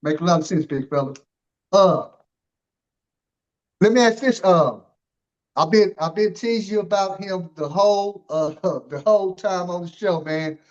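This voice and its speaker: A male interview host with a fairly high voice who rambles along in casual chat. He leans on fillers and restarts his sentences. The audio sounds muffled and lo-fi. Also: measured pace, pauses often. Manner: rambling, loaded with "you know" and "man". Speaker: podcast host.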